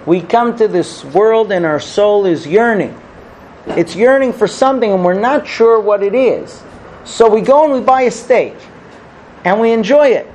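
A man giving a sermon, telling a parable in an animated storytelling manner. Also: high voice, a little hiss or hum, poor audio. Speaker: religious teacher.

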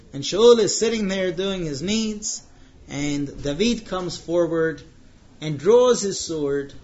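A high-voiced man teaches a Torah lesson, telling the story dramatically and drawing out the tense moments. The recording sounds dull and lo-fi. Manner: dramatic storyteller, slows down for tension. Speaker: religious teacher.

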